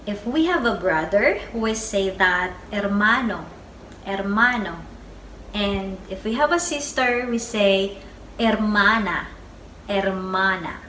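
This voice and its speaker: A woman teaching a beginner Spanish vocabulary lesson, saying each word twice in a slow, deliberate way. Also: mid-range voice, lively intonation, sharp tone. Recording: echoey room with faint background noise.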